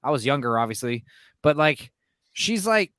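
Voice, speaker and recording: A man's voice: mid-range voice, very animated, moderate pace, sharp tone, smooth, no room sound, studio quality. A man co-hosting a podcast in casual chat, loose and crude, often laughing at his own jokes. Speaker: podcast co-host.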